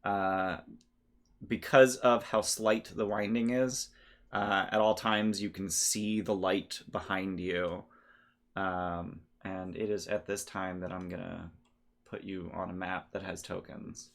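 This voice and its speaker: A man narrating as game master in a relaxed, rambling way, his voice a bit worn. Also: low-pitched, slow pace, creaky. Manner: relaxed, rambling, laughs often. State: losing his voice.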